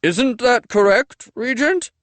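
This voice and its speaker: A sly young man posing as a meek servant, with a high, swooping voice and a different timbre, as a male audiobook narrator plays him. He sounds humble but crafty. The reading is dry and close. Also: animated, slow pace, fairly bright tone, no room sound, full character voice. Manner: falsely meek and deferential.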